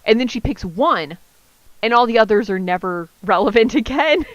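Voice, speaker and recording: A young adult woman co-hosting a podcast, commenting on a novel in a wry, deadpan way. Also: a little high, normal speed, no echo, dull audio. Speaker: podcast co-host. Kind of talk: casual chat, reading aloud.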